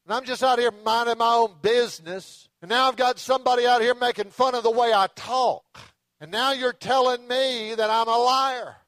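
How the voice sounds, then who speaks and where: A preacher putting on a hot-headed man backed into a corner, fast, loud, high-pitched and blustering, threatening everyone around him. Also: steady tone, dry recording, clean studio sound. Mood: angry, defensive. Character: hot-tempered grown man, cornered, swearing and defensive.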